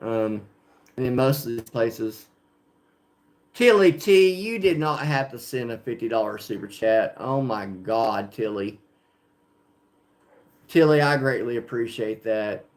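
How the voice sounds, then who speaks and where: A man's voice: mid-range voice, expressive, unhurried, pauses often. A man from Oklahoma with a rural country accent, chatting casually with livestream viewers and rambling with lots of fillers. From Oklahoma, USA. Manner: rambling, filler-heavy, talking to chat viewers. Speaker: slot machine livestreamer.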